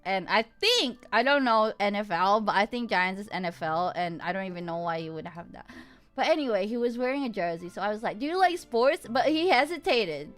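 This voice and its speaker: A woman streamer telling a story in casual chat, animated, laughing often and swearing freely. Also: medium pitch, a little fast.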